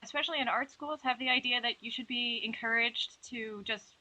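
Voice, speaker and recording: A young woman from the Netherlands, an illustrator being interviewed, talking in a relaxed, reflective way with frequent fillers. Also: a little high, a little fast. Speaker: illustrator and animator guest. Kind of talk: interview conversation. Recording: dull lo-fi audio.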